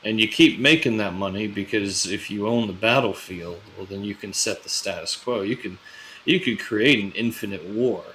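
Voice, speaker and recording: A man in casual in-character role-play as a crew leader, musing out loud and swearing freely. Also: lowish voice, moderate pace, a little hiss or hum, low-quality recording.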